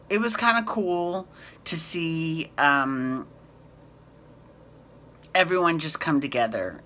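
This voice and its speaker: Brief: woman with a low, bright voice, chatty and blunt, sarcastic, swears often. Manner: rambling, sarcastic, swears freely. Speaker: recap vlogger. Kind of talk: casual recap chat.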